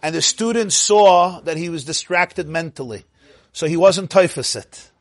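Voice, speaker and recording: A man with a somewhat husky, slightly high voice leads an informal religious class. He talks in a chatty, digressive way, laughs often and keeps checking in with his listeners. The sound is dry and close. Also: a little slow, dry recording. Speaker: rabbi teaching a class. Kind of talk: informal Torah class lecture.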